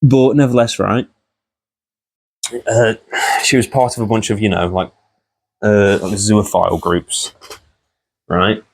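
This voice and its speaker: Guy rambling and swearing, kinda low voice, laughs at his own story. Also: steady tone, a little slow, creaky, long pauses. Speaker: commentator. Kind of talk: casual commentary vlog.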